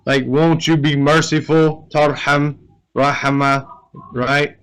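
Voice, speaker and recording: Male grammar teacher, unhurried and clear, walks through rules step by step with frequent "right?" checks. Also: fairly high pitch, little pitch movement, a bit bright, rough recording. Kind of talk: classroom grammar lesson.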